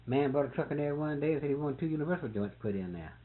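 A man telling stories in a casual, folksy chat, retelling events with animated quoted dialogue. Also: on the high side, quick pace. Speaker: storyteller in conversation. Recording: tinny phone-like old recording.

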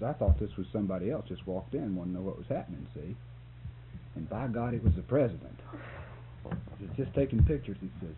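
A man's voice: medium pitch, fairly quick. A man telling a story about a photography job in a recorded interview, often laughing as he talks. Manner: laughs often, animated when telling the punchline. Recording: tinny lo-fi tape with hum.

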